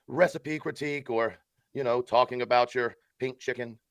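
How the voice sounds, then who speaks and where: A man's voice with a gravelly edge, hosting a live stream in a theatrical, sarcastic tone. He sounds close and dry, with no room behind him. His delivery swings between mock solemnity and casual banter with the chat. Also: mid-range voice, fairly even intonation, moderate pace, no echo. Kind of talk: mock support-group speech, then casual live chat.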